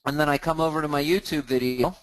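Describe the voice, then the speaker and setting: Casual man walking through software on screen. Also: on the high side, steady tone, fast, dry recording, poor audio. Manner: casual, narrates his clicks, often restarts words. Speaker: host of a mortgage training group. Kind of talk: live screen-share software walkthrough.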